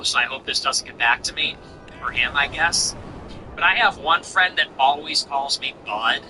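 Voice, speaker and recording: A man hosting a livestream, chatting casually and sarcastically while answering donations. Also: background noise. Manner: sarcastic, mocking, swings pitch for effect. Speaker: show host.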